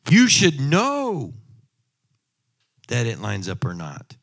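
A man preaching a sermon, emphatic, moving from loud exhortation to quiet asides and humorous personal stories. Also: medium pitch, wildly swooping pitch, slow, vocal fry.

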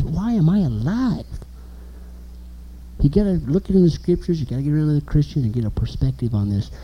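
An animated man preaching an informal sermon, his voice dark and mellow. His pitch swings widely as he drives points home with emphasis. He keeps asking the listeners questions. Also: husky, rough recording.

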